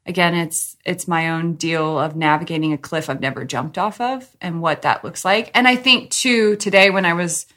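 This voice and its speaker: Bright-voiced woman hosting a candid chat. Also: fairly low pitch. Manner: open, emotional, talks in quick bursts. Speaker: podcast host. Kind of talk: casual chat.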